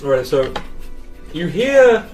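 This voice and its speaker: A man's voice: on the high side, sing-song, slow pace, darkish tone, soft background music. A man narrating as game master of a tabletop game, laughing at his own descriptions. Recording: roomy, distant mic.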